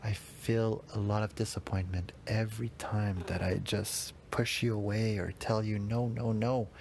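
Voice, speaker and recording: A man's voice: on the low side, slight background noise. A man hosting a podcast, reflecting aloud in a rambling, heartfelt way and often addressing himself. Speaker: podcast host. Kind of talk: emotional spoken reflection.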